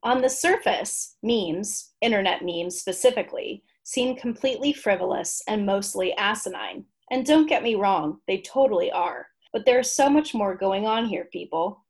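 Woman co-host, husky, reads a script playfully with joking asides. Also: mid-range voice, expressive, normal speed, hardly any pauses. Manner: playful, wry asides while reading. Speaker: podcast co-host. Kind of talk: reading a written entry aloud, casual chat.

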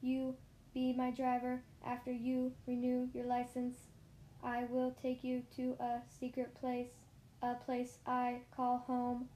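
A woman voicing a calm, polite female robot car in a storybook reading, speaking slowly and formally. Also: fairly high pitch, echoey room, slight background noise. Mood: commanding. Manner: slow, measured, formal speech.

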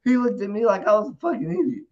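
A man's voice: high-pitched, quick pace. A man, an interview guest, telling a story casually, swearing freely and acting out what people said. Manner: profane, animated, acts out quotes. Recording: dull lo-fi audio.

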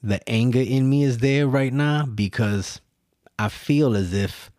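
A man's voice: medium pitch, a little slow, darkish tone, dry recording, clean studio sound. A man hosting a solo podcast, talking earnestly and emphatically to his listeners, with restarts and repeated words. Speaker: podcast host. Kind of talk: solo reflective monologue.

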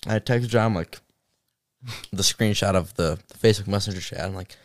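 A young man telling a story in a casual chat, animated and quick to jump in. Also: lowish voice, dry recording. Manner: animated, quick to jump in and finish others' sentences.

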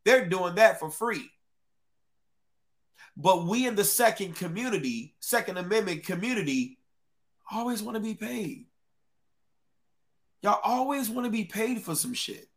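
A man's voice: sits high, expressive, measured pace, long pauses. A man hosting a casual livestream, talking straight to his chat with blunt, profane remarks. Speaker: livestream host.

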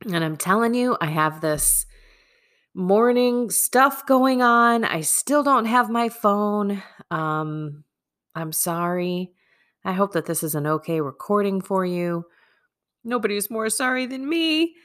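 A woman with a medium-pitched, slightly bright voice hosts a podcast from a room at home, speaking slowly through a stuffy nose and phlegm. She rambles casually and self-deprecatingly about her prayer practice.

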